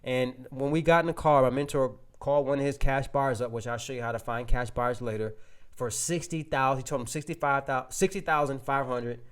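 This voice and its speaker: A man presenting a real estate webinar, telling a casual, animated story full of restarts and fillers to his audience. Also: mid-range voice, brisk, clean tone.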